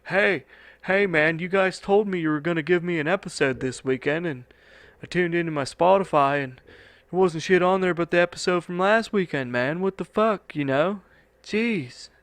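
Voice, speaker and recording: A man's voice: fairly high pitch, normal speed, fairly bright tone, no echo, voice pushed up, natural voice. A man voicing an annoyed male podcast listener who complains in a whiny, exasperated way, swearing.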